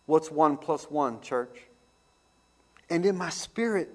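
A man preaching a radio sermon as host, emphatic and swinging between loud declarations and hushed asides. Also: fairly high pitch, animated, slow pace, long pauses.

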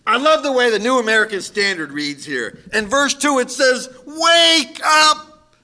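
A man preaching a sermon as pastor, moving between loud shouted calls and quiet asides. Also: high voice, animated, normal speed.

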